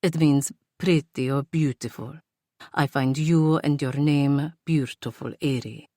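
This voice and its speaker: A woman voicing a smooth, charming male stranger with a deep voice and a heavy Italian accent. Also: fairly even intonation, measured pace, warm tone, dry recording, studio quality. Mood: flirtatious.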